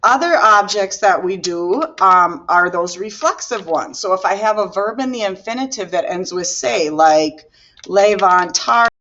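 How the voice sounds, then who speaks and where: A woman's voice: mid-range voice, a little slow, sharp tone, highs cut off. A woman teaching a recorded grammar lesson, patiently explaining step by step while she writes on the board. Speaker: Spanish teacher.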